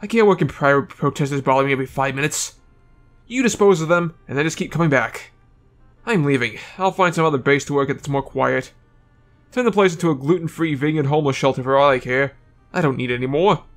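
A man's voice: fairly high pitch, fast talker, faint music behind, lightly acted. A man reading game lines as a bitter, dismissive male villain scientist. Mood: scornful. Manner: dismissive, curt.

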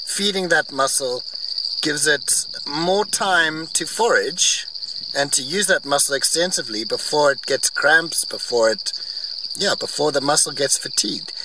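A man's voice: a little high, measured pace. A man on a game drive giving rambling, opinionated, wry commentary outdoors from a vehicle. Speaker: vlogger on safari. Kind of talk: casual commentary. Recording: distant mic, faint outdoor noise.

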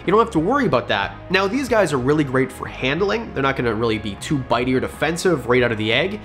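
A man's voice: medium pitch, very animated, fast talker, a bit bright, faint music behind. A man hosting a pet-snake vlog, explaining care tips in a chatty, enthusiastic way with jokey asides. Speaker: reptile channel host. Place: home with pets around.

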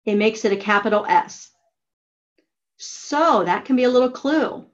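A woman's voice: on the high side, lively intonation, lo-fi sound. Woman teacher dictating grammar steps. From United States. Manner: slow, deliberate dictation of steps. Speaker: writing teacher. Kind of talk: classroom grammar lesson.

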